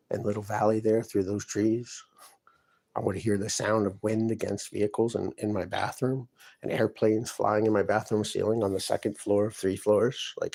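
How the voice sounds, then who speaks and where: A man's voice: fairly low pitch, creaky, a little mellow, slightly rough. A man talking at length in his apartment, distressed and aggrieved, rambling from one complaint to the next. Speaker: vlogger. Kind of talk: rambling personal monologue to camera.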